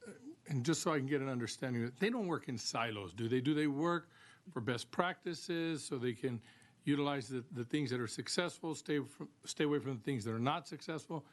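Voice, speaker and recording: A man, a committee chair, asking halting, searching questions at a hearing. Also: mid-range voice.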